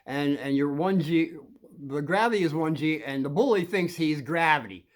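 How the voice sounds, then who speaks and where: A man giving rambling advice to children about bullies, acting out scenes and bursting into loud quoted lines. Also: on the high side, lively intonation, moderate pace.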